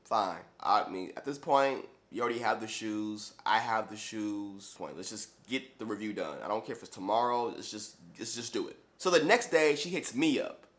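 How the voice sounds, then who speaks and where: A young man, a running shoe vlogger, telling a story in an animated, exasperated way, full of "like". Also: on the low side, moderate pace, few pauses. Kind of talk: casual storytelling.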